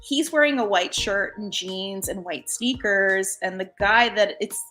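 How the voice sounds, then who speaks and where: A woman telling a ghost story in casual chat, animated and laughing, acting out the voices of the people in it. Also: medium pitch, a little slow, soft background music.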